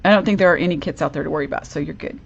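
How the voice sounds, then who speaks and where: A woman's voice: low voice, rapid-fire, gravelly, husky, dull audio. Chatty woman demonstrating a craft project. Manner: chatty, upbeat, talks viewers through each step. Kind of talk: live crafting demo.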